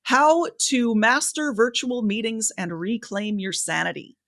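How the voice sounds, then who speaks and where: A woman appears as a podcast guest offering advice on speaking. She is animated and expressive, with lots of pitch variation, at a measured pace.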